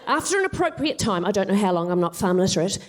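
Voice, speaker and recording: A woman's voice: mid-range voice, very animated, quick pace. A woman doing live stand-up, telling a comic fairy tale with wry, self-deprecating asides. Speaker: stand-up comedian.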